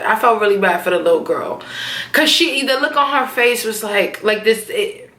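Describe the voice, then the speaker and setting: Animated slangy woman recapping a show. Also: a little high, normal speed, echoey room. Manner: animated, slangy, acts out characters' lines. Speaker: TV episode recapper. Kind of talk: casual episode recap.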